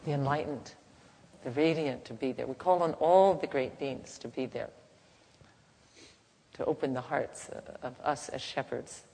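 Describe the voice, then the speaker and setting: A woman teaching in a gentle, unhurried, halting way, softly chanting at times, in a reverberant hall. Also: rumbling low, vocal fry. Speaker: spiritual teacher. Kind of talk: devotional teaching talk. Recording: reverberant hall, faint background noise.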